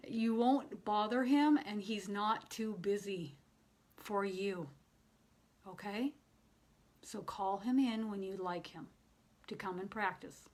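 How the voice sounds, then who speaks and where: A woman medium channeling messages live, emotional and near tears, swinging from bubbly laughter to soft hushed tones. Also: medium pitch, takes it slowly, long pauses. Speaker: spiritual medium.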